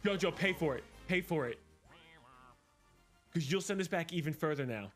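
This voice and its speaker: A young man joking and teasing friends during a party game, quick with puns. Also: on the high side, lively intonation, faint music behind. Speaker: co-player. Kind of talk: casual gaming banter.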